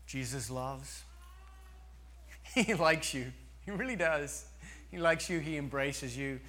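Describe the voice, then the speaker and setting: Male pastor, sermon delivery, slow and deliberate, bright tone. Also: a little high. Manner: slow, earnest preaching with long pauses.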